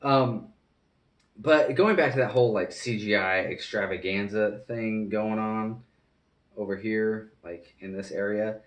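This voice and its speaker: A man's voice: fairly low pitch, unhurried, echoey room, recorded from a distance. A man giving an earnest, rambling, casual reaction to a film as a movie reviewer.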